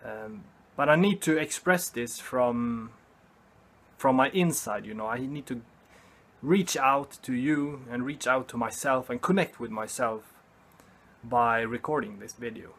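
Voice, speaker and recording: Man, very slow, mid-pitched, earnest, halting, repeats phrases. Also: a bit bright. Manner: earnest, halting, repeats himself and says "you know" often. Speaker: vlogger. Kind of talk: motivational vlog talk to camera.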